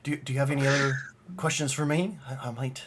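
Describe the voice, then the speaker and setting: A man's voice: medium pitch, steady tone, quick pace, fairly bright tone, slight background noise, lightly acted. A man doing a stammering old gnome. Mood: hesitant. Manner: stammering, hesitant, apologetic. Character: old polite male gnome prisoner.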